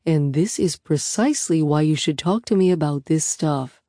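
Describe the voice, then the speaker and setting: A woman voicing a calm, patient young husband who speaks softly and reassuringly, with a light teasing edge. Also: deep voice, moderate pace, dry recording, studio quality, natural voice. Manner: soft, reassuring and lightly joking.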